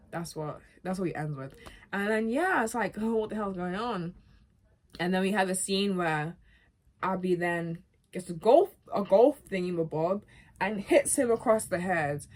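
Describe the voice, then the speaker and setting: A woman vlogger chatting casually as she recaps a video game story, animated and emotional, often laughing and calling her viewers guys and bro. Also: lowish voice.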